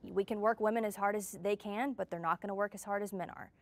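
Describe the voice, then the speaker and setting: Woman, middle pitch, vocal fry, firm debate talk. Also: steady tone, quick pace. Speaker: debate participant. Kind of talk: debate argument.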